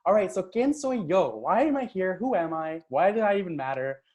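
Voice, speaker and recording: Upbeat male coach with a mellow voice. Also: sits high, big pitch swings, normal speed. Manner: upbeat, hyping the chat with cheers. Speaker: transformational coach. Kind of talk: live online coaching session.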